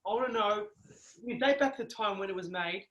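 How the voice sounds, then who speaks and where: Bright high-voiced young man interviewing, roomy. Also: brisk, muffled recording. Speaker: interviewer, show host. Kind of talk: casual interview questions. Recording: roomy echo.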